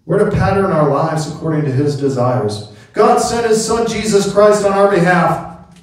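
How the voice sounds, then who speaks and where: A man's voice: high-pitched, normal speed. A middle-aged male pastor preaching a sermon, telling stories and calling out amen to the congregation. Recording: very echoey hall, mic from a distance.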